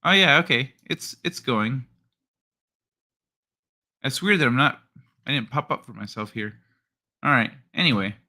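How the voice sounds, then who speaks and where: A man's voice: mid-range voice, lively intonation, a little slow, pauses often, bright, forceful tone. A man hosting a livestream, chatting casually, swearing and stumbling as he reads news aloud. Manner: swears, stumbles over read text. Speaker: livestream host.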